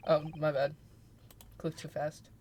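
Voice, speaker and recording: Low-voiced, teasing woman streamer. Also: little pitch movement, slow pace, darkish tone, a little hiss or hum. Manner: dry, teasing remarks. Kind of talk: casual gaming commentary.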